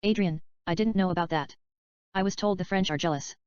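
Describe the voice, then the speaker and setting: A woman's voice: lowish voice, a little fast, darkish tone, clean tone, no room sound, close to an everyday voice. Adrian, a woman reading the lines of a rambling male screenwriter. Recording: dull, slightly lo-fi dry recording.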